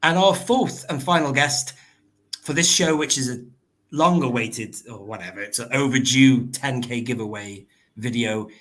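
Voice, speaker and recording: A man hosting a livestream, chatty and rambling, quick to break into a laugh. His voice sits at an ordinary middle pitch, picked up by a laptop microphone rather than a proper mic. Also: fairly bright tone. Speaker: livestream host. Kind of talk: casual livestream chat.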